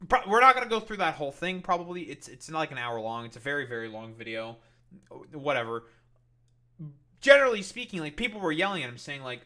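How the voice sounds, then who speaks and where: A male streamer rants at news clips with a slightly high, bright voice. He curses freely and rambles in heated political commentary thick with fillers. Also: big pitch swings, normal speed. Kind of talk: angry profane political commentary.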